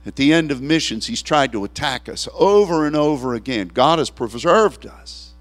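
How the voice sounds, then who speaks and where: A man's voice: fairly high pitch, moderate pace. Tearful male pastor preaching with mains hum. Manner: animated, acts out quoted voices, laughs between lines. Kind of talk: sermon.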